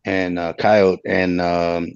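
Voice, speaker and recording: A man's voice: deep voice, little pitch movement, slow pace, clear, resonant tone, dry recording. A man in a casual chat, talking hesitantly and searching for words. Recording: dull, dry lo-fi sound.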